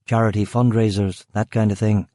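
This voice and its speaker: A man reading a crime thriller audiobook in measured scripted narration. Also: on the low side, little pitch movement, dark tone, dry recording, studio quality.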